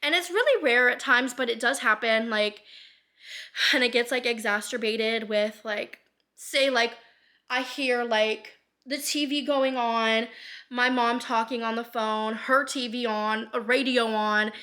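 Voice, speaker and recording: A woman in her twenties talking candidly in a personal vlog, rambling with lots of fillers, casual swearing and speed that shifts between fast and slow. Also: fairly high pitch, pushed and bright. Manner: rambling with many fillers and frequent laughs. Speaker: vlogger.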